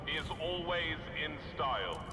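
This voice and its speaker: A man voicing a calm, formal city announcer in a video game, over a murmuring crowd. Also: fairly high pitch, unhurried.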